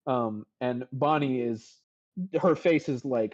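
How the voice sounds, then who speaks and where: A man's voice: medium pitch, slow, a little mellow. A man narrating a tabletop game as game master, casual and full of fillers, on slightly dull audio.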